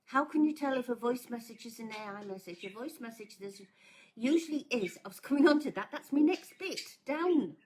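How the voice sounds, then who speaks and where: A woman's voice: fairly high pitch, expressive, brisk, a little hiss or hum. A woman speaking bluntly and earnestly to viewers as a scam awareness advocate, pleading with them to think. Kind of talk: casual warning talk to viewers.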